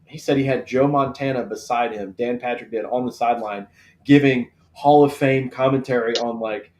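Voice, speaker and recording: Chatty host in an echoey room. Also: male voice, medium pitch, steady tone, normal speed, a little mellow. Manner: chatty, storytelling, laid-back with swearing. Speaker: host of a live draft stream. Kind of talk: casual chat.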